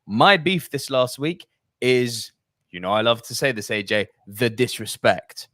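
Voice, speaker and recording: A man's voice: mid-range voice, unhurried, fairly bright tone, dry recording, studio quality. A man co-hosting a podcast, reading out viewer comments and giving blunt opinions that include swearing. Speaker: podcast co-host reading live chat. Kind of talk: casual podcast chat.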